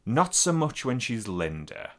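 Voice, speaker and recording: A man's voice: mid-range voice, very animated, unhurried. A man, co-hosting a podcast in casual, rambling chat full of swearing. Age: 40s. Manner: sweary, rambling, laughs a lot. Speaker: podcast co-host.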